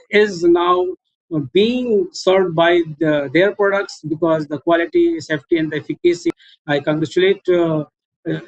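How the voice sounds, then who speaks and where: A middle-aged Indian English-accented man lectures in a fairly high voice, stopping often on 'uh' and hammering points home through repetition. The sound is dry and dull, like lo-fi webinar audio from a video call. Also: no echo. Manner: halting, with frequent 'uh' pauses and emphatic repetition. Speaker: professor presenting at a webinar. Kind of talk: formal webinar presentation.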